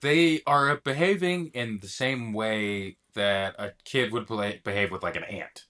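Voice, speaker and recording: A man co-hosting a casual podcast, playful and quick to joke. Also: on the low side, pushed and bright. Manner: playful, slips into silly voices. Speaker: podcast co-host. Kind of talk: casual book-club chat.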